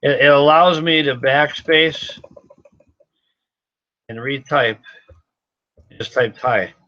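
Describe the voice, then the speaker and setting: A man's voice: mid-range voice, slow, sharp tone. Frustrated man muttering on a livestream. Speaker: gun shop livestream host. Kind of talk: casual livestream chat. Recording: slightly dull lo-fi sound.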